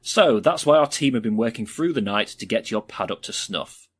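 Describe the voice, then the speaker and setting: A man's voice: on the low side, lively intonation, moderate pace, husky. A man playing an overeager, pushy home makeover TV host, with a theatrical presenter's delivery. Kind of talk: sketch comedy acting.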